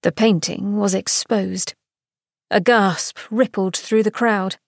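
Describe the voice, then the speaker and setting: A woman reads a romance novel aloud in an expressive, measured narration. Her voice sits at a middle pitch, and the recording is close and dry with no room sound. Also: gravelly, dry recording. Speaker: podcast host reading a novel excerpt. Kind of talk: scripted narration.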